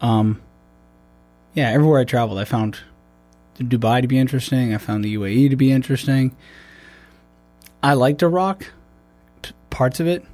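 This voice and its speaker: A man's voice: medium pitch, moderate pace, pauses often, dark tone, dry recording, faint music behind. A man, a military veteran, talking in a loose, rambling way with many restarts and fillers. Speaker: podcast host. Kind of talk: casual conversation.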